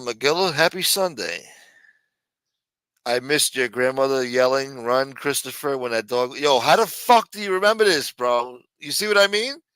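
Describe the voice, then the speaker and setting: A man's voice: medium pitch, pushed and bright, dry recording. A man hosting a livestream, telling stories in a rambling, profane, casual way. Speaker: livestream host.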